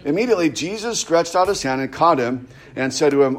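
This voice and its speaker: A man's voice: fairly high pitch, animated, fairly quick. A man preaching a casual, conversational sermon, often checking in with his listeners and restarting phrases. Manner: conversational, frequent "right?" asides and restarts. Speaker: pastor.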